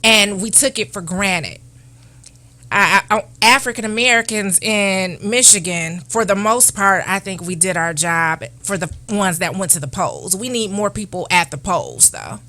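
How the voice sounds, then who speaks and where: Bright-voiced woman urging people to vote. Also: mid-range voice, lively intonation, unhurried. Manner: earnest, urging, repetitive calls to vote. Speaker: elected official guest. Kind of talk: political appeal on talk show.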